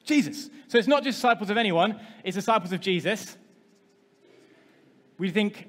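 A man's voice: sits high, lively intonation, moderate pace. A man preaching a sermon as pastor, talking with the congregation and asking them questions. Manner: interactive, asks the congregation questions. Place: church hall. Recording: long hall reverb.

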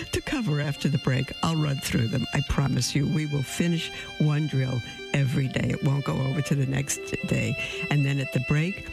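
A woman hosting a call-in radio show, telling stories in an animated way and acting out the voices of the people in them. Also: low-pitched, gravelly. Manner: animated, acts out quoted voices, laughs often.

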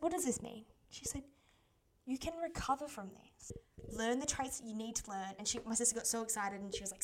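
Young woman, podcast host, casual chatty monologue, slightly higher voice. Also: a bit bright. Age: 20s. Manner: chatty, quoting others with "I was like" and "she's like". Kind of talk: personal storytelling monologue.

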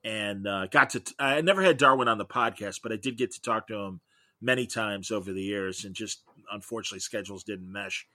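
A middle-aged man talks as a guest in a relaxed interview. He rambles through long stories with real enthusiasm, and his voice sounds bright and lively. The sound is close and dry, with no room around it. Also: fairly low pitch, fairly quick, no echo. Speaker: guest, comics podcaster. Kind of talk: casual interview chat.

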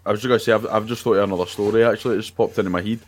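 Low-voiced Scottish man chatting. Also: steady tone, racing. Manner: rambling, restarts a lot. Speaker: podcast panelist. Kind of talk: casual chat.

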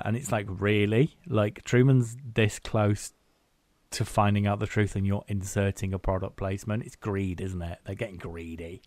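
Male podcast co-host, lowish voice, lively scene-quoting recapper, dry mic. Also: normal speed, no echo. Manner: animated, quotes scenes in acted-out voices. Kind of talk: casual film chat and plot recap.

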